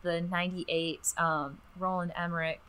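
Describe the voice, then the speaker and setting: A woman co-hosting a podcast in relaxed, chatty conversation. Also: fairly low pitch, moderate pace, smooth. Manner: relaxed, chatty, laughs easily. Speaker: podcast co-host. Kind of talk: casual chat.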